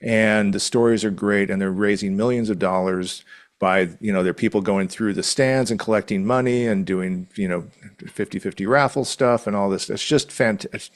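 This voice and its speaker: A man's voice: fairly low pitch, normal speed. A man co-hosting a podcast, chatting casually and enthusiastically in a rambling way with many restarts. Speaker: podcast co-host. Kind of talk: casual chat.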